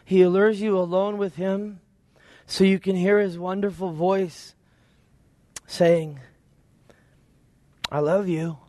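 A man preaching a sermon in a conversational, lively way, with playful asides and quoted voices. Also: high-pitched, slow pace, pauses often, dry recording.

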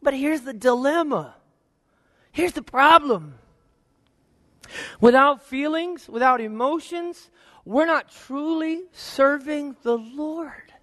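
A male pastor preaching a sermon, firing rhetorical questions and swinging between slow, weighty phrases and quick bursts. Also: extremely high pitch, dry recording, in a large hall. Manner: preaching with rhetorical questions, varying pace and loudness. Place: church sanctuary.

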